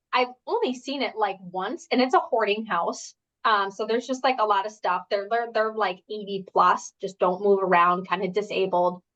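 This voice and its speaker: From indoors at home, a female health coach leads a casual live workshop for a group, wandering off into asides and filler words. She has a medium-pitched, fairly bright voice captured in lo-fi sound.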